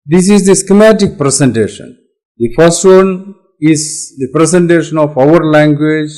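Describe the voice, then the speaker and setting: Man, Indian English accent, teacher demoing software, slow careful explaining, slightly high voice. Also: poor audio. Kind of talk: explanatory demo talk.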